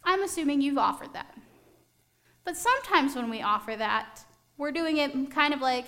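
A woman delivering a sermon in a high, bright voice. She tells the story with lively animation and slips into the voices of the people in it. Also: moderate pace. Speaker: preacher.

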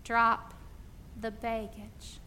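A woman's voice: on the high side, completely flat delivery, very slow, sharp tone, a little hiss or hum, full character voice. A woman preacher voicing God as a loving male presence, speaking tender, repeated reassurances in a sermon skit. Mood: firm.

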